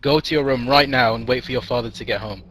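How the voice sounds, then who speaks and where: A man's voice: medium pitch, fast talker, fairly bright tone, natural voice. Brief: concerned, firm mother, told by a man. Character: worried then strict mother.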